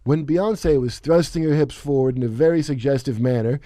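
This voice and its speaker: A man's voice: medium pitch, normal speed, warm tone, no room sound, clean studio sound. A man on a casual podcast reading quotes aloud and giggling between them.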